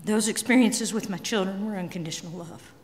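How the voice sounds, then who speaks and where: A middle-aged woman giving a candid, emotional personal talk on stage, swinging between quiet and emphatic. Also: mid-range voice, fairly quick. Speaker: speaker. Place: large hall. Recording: long hall reverb.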